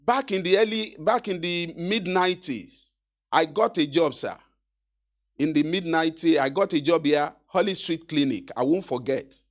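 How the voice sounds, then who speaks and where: A man's voice: on the high side, animated, normal speed. A middle-aged man from Nigeria with a Yoruba accent, giving an encouraging speech with stories and asides to the audience. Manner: exhortative, anecdotal, with asides to the audience. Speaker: graduation speaker.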